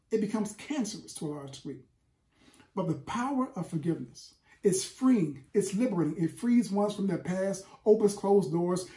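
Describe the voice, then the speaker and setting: A man's voice: high-pitched, dark tone, reverberant. A man preaching a sermon in an emphatic, rhythmic style, building repeated lists. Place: church sanctuary.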